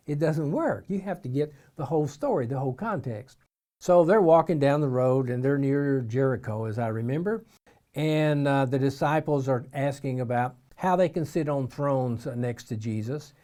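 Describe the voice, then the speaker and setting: A man from eastern Kentucky with an Eastern Kentucky accent, giving an informal devotional talk in a folksy storytelling way. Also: mid-range voice. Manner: folksy storytelling, acts out shouted voices in quotes. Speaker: missionary preacher.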